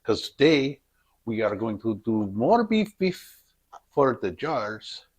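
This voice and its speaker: A man's voice: mid-range voice, sing-song, slow, breathy edge. A man hosting a home cooking vlog, chatting in a rambling, jokey way while he works in his kitchen. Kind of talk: casual cooking vlog chat. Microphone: camera on a tripod.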